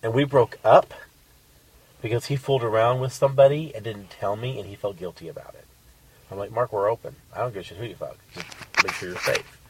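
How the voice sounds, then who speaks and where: Low-voiced man telling a crude story. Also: a little fast, far from the mic, slight background noise, low-quality recording. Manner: crude, animated, acts out quotes. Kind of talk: casual storytelling chat.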